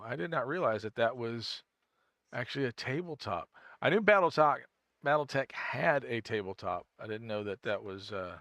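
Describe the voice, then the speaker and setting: A man's voice: medium pitch, pushed and bright, no room sound. A man streaming a game, chatting casually with viewers and thinking aloud, often restarting his sentences. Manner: rambling, thinks aloud, answers chat; frequent self-restarts. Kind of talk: casual live-stream chat.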